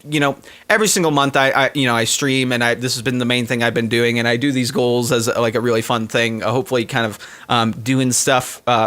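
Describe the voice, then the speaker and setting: A man's voice: mid-range voice, a bit bright. A man streaming live, chatting casually to his viewers in a rambling, heartfelt way with many fillers and restarts.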